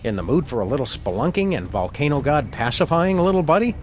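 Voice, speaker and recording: A man voicing a deadpan dog detective. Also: fairly high pitch, quick pace, a little hiss or hum, natural voice. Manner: dry, long-winded deadpan. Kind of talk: video game voice acting.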